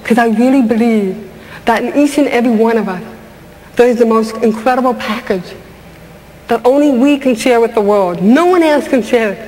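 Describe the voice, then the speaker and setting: A woman comedian and speaker telling stage stories in an animated way, asking the audience questions and laughing along. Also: a little high, moderate pace. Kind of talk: stand-up storytelling. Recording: large hall with long reverb, faint ambience.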